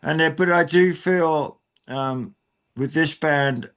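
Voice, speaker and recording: A man's voice: a little high, slow pace, fairly bright tone. A male drummer in a casual interview, rambling with lots of ums and restarts and cracking jokes. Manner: rambling, joking, many fillers and restarts. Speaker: drummer, band member.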